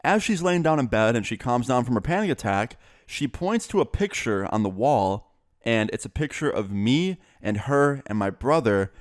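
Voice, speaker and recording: A man's voice: medium pitch, animated, moderate pace, no room sound, studio quality. A young man telling a storytime vlog in a casual, chatty way, with lots of filler words. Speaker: vlogger.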